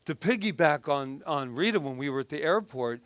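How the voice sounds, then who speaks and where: Chatty male minister, slightly high voice. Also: lively intonation, normal speed, a bit bright, no echo. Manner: chatty, self-deprecating storytelling with frequent restarts. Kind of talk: conversational sermon.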